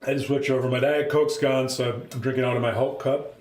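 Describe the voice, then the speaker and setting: A middle-aged man with a northern Minnesota accent, chatting excitedly while commenting on his own play. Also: mid-range voice, quick pace. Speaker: streamer. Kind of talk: casual live-stream commentary. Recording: echoey room with loud noise.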